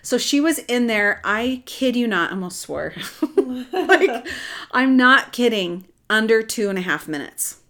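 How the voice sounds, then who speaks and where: A middle-aged woman telling a personal story in casual chat, animated and rambling, with restarts. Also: fairly high pitch, measured pace. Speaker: adoptive mother telling her story.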